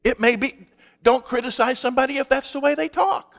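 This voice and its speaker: A man's voice: very high-pitched, brisk, gravelly, fairly bright tone, in a large hall. A male pastor preaching a sermon in an emphatic, conversational way, asking his congregation rhetorical questions.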